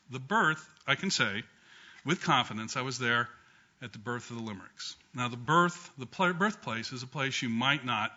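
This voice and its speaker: A middle-aged man with a very bright, forward voice tells funny stories to an audience at a memorial, often pausing on "um" and restarting his sentences. The recording is dull and lo-fi. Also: mid-range voice. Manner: humorous storytelling with frequent ums and restarts. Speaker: law professor giving memorial remarks. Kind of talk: anecdotal speech at a memorial gathering. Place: law school courtroom with an audience.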